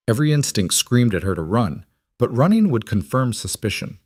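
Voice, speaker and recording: A man giving steady, measured scripted narration of a story. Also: medium pitch, no room sound, studio quality.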